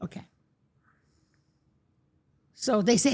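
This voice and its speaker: A woman's voice: on the high side, lively intonation, moderate pace. An older woman telling stories in an interview, acting out the voices of the people in them. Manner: acts out quoted voices while telling stories. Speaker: guest. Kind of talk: animated storytelling.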